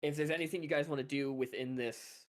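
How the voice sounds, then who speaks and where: A man narrating as game master in a loose, rambling way, quick to laugh. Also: on the high side, steady tone.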